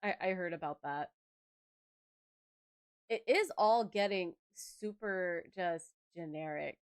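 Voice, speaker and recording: A woman's voice: fairly low pitch, slow, clear, resonant tone. A young adult woman chatting casually on a game stream, telling stories animatedly with laughter and acted-out quotes. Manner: animated storyteller who laughs and acts out quotes. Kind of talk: casual live-stream chat.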